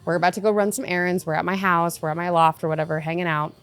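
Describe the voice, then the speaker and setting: A woman's voice: on the low side, fairly even intonation, racing, clear, resonant tone, soft background music. A young woman with a Midwestern American accent, a restaurant server telling stories in casual podcast chat, acting out quotes. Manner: storytelling, acts out quotes.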